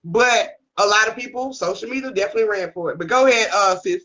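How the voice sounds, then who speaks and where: A woman's voice: medium pitch, fast talker, fairly bright tone, lo-fi sound. A woman co-hosting a casual online chat, laughing often and tagging her points with "okay?". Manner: laughs a lot, keeps asking "okay?". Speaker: co-host.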